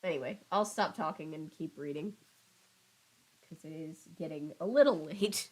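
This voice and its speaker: A woman's voice: low-pitched, normal speed, low-quality recording. A young woman casually reading a children's book aloud with wry, chatty asides. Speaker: channel host.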